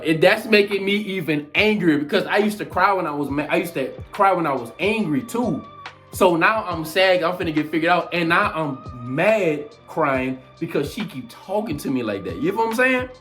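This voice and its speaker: A man in his twenties telling a childhood story in an animated, slangy vlog style. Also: on the high side. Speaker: vlogger.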